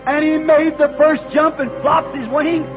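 A man preaching a sermon as a folksy story, in homespun country grammar, growing fervent and shouting at its peaks. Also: very high voice, steady tone, a little slow, gravelly. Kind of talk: folksy storytelling sermon leading into an altar call. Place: church service. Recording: dull lo-fi tape with music behind. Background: music.

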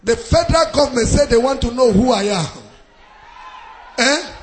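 A pastor preaching a fervent sermon in a sing-song style, shouting hallelujahs and repeating phrases for emphasis. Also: male voice, very high-pitched, lively intonation, moderate pace, long pauses, slight background noise.

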